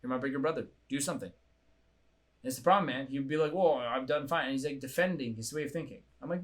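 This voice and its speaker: A young man hosting a coaching show, talking in a blunt, profane, animated way. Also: medium pitch, quick pace. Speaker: coaching podcast host. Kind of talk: casual chat.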